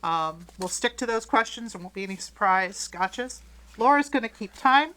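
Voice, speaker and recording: A woman's voice: fairly high pitch, animated, moderate pace, bright, forceful tone, slight background noise, rough recording. A woman chairing a town committee meeting, explaining the interview process in an upbeat, friendly way. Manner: upbeat, joking between items.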